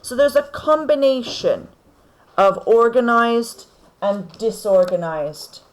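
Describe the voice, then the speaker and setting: Slow, deliberate woman teaching. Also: a little high, expressive, poor audio. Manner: slow, deliberate explaining with frequent "okay?" checks. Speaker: English teacher. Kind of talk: recorded lesson on poetry.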